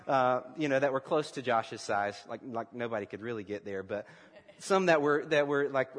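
A man's voice: medium pitch, fairly bright tone, big-room sound. A man preaching a sermon as pastor, telling a story and asking his congregation questions.

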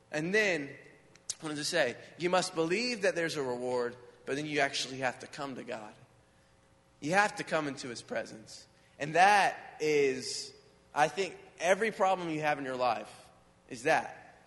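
A man's voice: sits high, fairly bright tone. A man giving an informal, conversational sermon, earnest and full of questions to his listeners, recorded with hall reverb. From United States. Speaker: preacher.

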